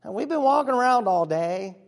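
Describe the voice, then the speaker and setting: Man performing a disciple monologue, excitable and chatty, high voice, long hall reverb. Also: brisk. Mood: earnest. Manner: conversational storytelling with sudden hushes and bursts. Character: earnest, excitable male disciple of Jesus telling his story. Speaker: actor in a church monologue. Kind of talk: first-person dramatic monologue.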